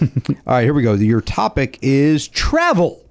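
Guy hosting a trivia bit on a podcast, super animated, goes off on mock rants. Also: medium pitch, measured pace. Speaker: host. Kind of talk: casual comedic banter.

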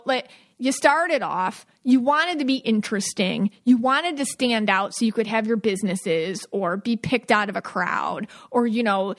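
A woman talks in a loose, rambling way, full of fillers and asides. Her voice sits a little high. She sounds like a podcast host chatting with a guest. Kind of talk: casual chat.

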